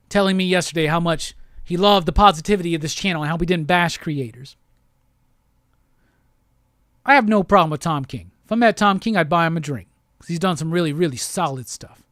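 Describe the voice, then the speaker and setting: A man's voice: on the high side, a bit bright, dry recording. Profane ranting man, very dry sound. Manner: heated, profane, repetitive ranting. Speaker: comic book show host. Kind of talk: profane rant-style comic review.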